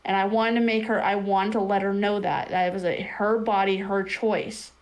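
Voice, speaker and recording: A woman's voice: mid-range voice, flat delivery, normal speed, poor audio. A woman with a mid-range voice tells a long personal story on a casual stream. She talks bluntly and rambles, with plenty of restarts and filler words. She swears freely as she goes.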